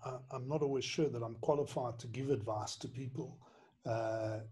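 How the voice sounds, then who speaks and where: A middle-aged man, a former headmaster and author, reflecting in an interview with many pauses and restarts. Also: medium pitch, steady tone, a little mellow. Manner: halting, many restarts, earnest and emotional.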